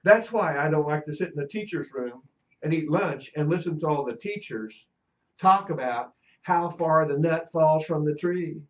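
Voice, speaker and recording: A man's voice: a little high, lively intonation, normal speed, dull audio. Middle-aged male teacher telling classroom stories. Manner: storytelling, acts out quoted voices. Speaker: teacher educator. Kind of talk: classroom lecture with anecdotes.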